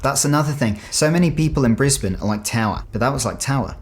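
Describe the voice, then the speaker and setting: A young man with a British accent talks through a reaction video in a loose, chatty way. He is playful and keeps repeating words he has just heard. His voice sits at an ordinary middle pitch. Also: quick pace, slight background noise. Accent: British English. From Britain. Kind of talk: casual reaction chat.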